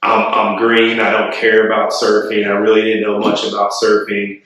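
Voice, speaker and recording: A middle-aged man, a retired golf pro, telling animated stories as a podcast guest, swearing freely. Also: fairly low pitch, moderate pace, slight background noise. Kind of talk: casual storytelling interview. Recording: echoey room, distant mic.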